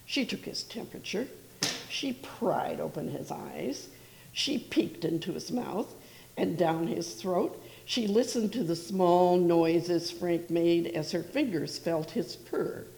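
A woman reading a picture book aloud to children in a room, expressive and lively, with asides to her listeners. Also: fairly low pitch, takes it slowly, vocal fry, low-quality recording.

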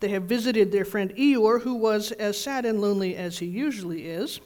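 A woman leading a children's message in church, reading a storybook aloud in a gentle, expressive way. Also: medium pitch, normal speed. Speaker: pastor giving a children's message. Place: church sanctuary. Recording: reverberant church hall.

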